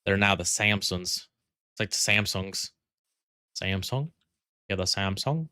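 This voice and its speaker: A man's voice: low-pitched, unhurried, pauses often, bright, forceful tone, dry recording, clean studio sound. A man live streaming a game, chatting casually with viewers in a rambling, playful way with lots of fillers.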